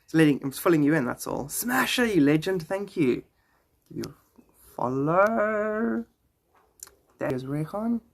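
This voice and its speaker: A man's voice: on the high side, very animated, brisk, gravelly. A man livestreaming, rambling casually and chatting with viewers in his chat. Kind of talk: casual live-stream chat.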